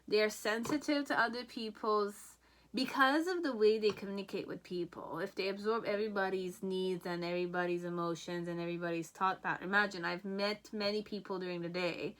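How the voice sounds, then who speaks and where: Bright-voiced chatty woman tarot reader. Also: medium pitch, steady tone, brisk. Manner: chatty, rambling, frequent "okay?" and "you know". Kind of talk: casual pick-a-card reading.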